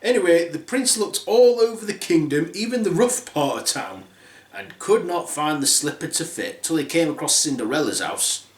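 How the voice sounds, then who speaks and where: A man's voice: on the high side, animated, normal speed. A man retelling a fairy tale for laughs, rambling and offhand, in an echoey room. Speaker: storyteller.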